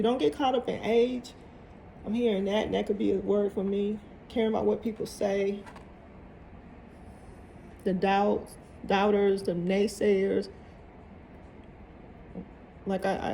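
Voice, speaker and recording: Woman, tarot reader, casual and motivational, gravelly, mid pitch. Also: fairly even intonation, a little slow, pauses often, mellow, a little hiss or hum. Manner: emphatic, repeats phrases, motivational. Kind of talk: casual tarot reading to viewers.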